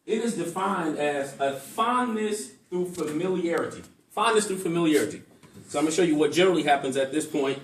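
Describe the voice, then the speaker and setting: Man, high voice, teacher, emphatic, varied delivery, distant mic, echoey room. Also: lively intonation, a little fast, a little hiss or hum. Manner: emphatic, varies his voice for effect. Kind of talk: teaching a class on love.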